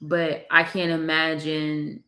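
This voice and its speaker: A woman's voice: low voice, monotone, slow, very noisy. A young mother talks to her viewers in a candid, confiding casual vlog, tearful and close to crying. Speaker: vlogger, mother of three. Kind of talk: emotional casual vlog chat. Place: at home, with her baby on her lap.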